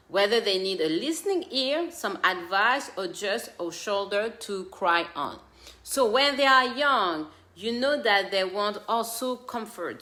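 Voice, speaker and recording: A woman's voice: mid-range voice, bright, forceful tone. A woman who hosts a parenting show, giving earnest, direct advice to parents and mixing in her own stories. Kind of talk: casual advice talk. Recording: echoey room.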